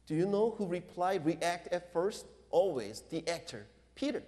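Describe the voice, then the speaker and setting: Slow-preaching pastor, high voice. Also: male voice, expressive, a little mellow. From Korea. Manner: slow, deliberate preaching with non-native English phrasing. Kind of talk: sermon. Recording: long reverb of a large hall.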